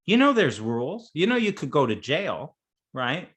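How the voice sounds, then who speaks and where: A man's voice: fairly high pitch, sing-song, normal speed, fairly bright tone. A man, a coach and interview guest, talking through ideas in a playful, conversational way and laughing often. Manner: playful, laughs often, acts out little scenes.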